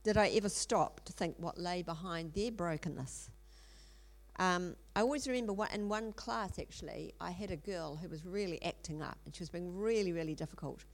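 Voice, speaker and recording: Earnest woman with a gravelly low voice. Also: moderate pace. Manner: earnest, many ums and restarts. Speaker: speaker in a church teaching series. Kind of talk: sermon storytelling.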